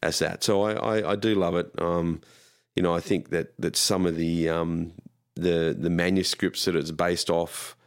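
A man's voice: deep voice, little pitch movement, normal speed. An Australian man, a pastor, chatting as a guest in a rambling, self-deprecating way. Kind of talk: casual conversation.

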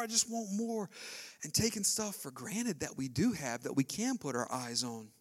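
A man, preaching a sermon with emotion, swinging from hushed passages to loud exclamations. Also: high-pitched. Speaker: pastor.

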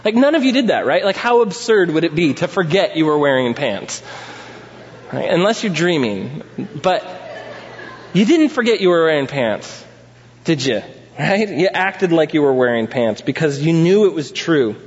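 A man preaching a sermon, putting questions to the congregation and building to loud, emphatic peaks. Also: fairly high pitch, sing-song, measured pace. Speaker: pastor. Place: church sanctuary. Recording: dull sound in a reverberant hall.

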